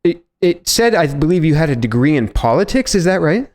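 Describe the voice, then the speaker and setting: A man's voice: fairly high pitch, very animated, brisk, darkish tone. A man hosting a marketing podcast, introducing his guest in a chatty, self-mocking way with some fillers. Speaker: podcast host.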